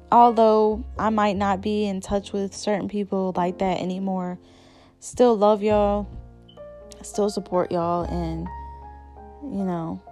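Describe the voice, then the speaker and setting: A woman's voice: mid-range voice, a little mellow. A young adult woman hosting her own podcast, talking candidly and casually about her life with many fillers and restarts. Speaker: podcast host. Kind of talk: casual solo podcast chat.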